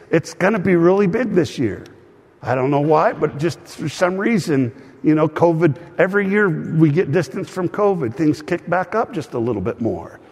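Earnest pastor preaching in a reverberant hall. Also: male voice, a little high, a little mellow. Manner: earnest, conversational preaching with call-and-response. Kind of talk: sermon. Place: church hall.

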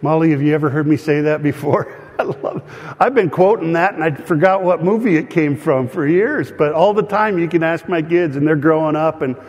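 A man's voice: a little high, moderate pace, darkish tone. A man in his fifties preaching a sermon in a church, telling homespun stories and leading the congregation in call-and-response. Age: 50s. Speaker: pastor. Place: church sanctuary. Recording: long reverb of a large hall.

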